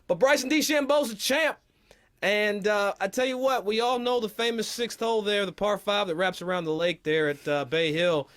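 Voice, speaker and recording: A man co-hosting a golf talk show, chatting casually with animated, playful slang. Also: high-pitched, brisk. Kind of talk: casual sports chat.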